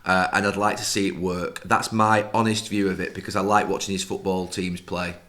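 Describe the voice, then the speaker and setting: A man's voice: sits low, level tone, a little fast, fairly bright tone. A middle-aged man, co-hosting a football podcast, explaining tactics firmly and at length. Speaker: podcast co-host, football pundit. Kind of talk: casual football discussion.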